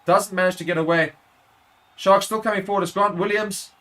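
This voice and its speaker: A man's voice: high voice, steady tone, a little fast, a bit bright. A man giving live play-by-play commentary on a rugby match for a watchalong stream, correcting himself as he goes and rising sharply at big moments.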